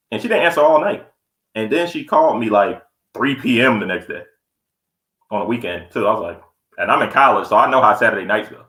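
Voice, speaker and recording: Podcast co-host, young man, quick blunt profane storyteller, roomy echo. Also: mid-range voice, a bit bright. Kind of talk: casual podcast chat. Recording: echoey room.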